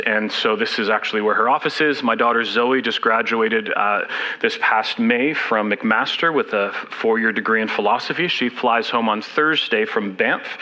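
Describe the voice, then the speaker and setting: A man's voice: medium pitch, sharp tone, low-quality recording. A man in his fifties, seated as he gives a candid, self-deprecating personal talk at a church service. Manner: candid, self-deprecating, acts out quoted people; speaks seated. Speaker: guest speaker.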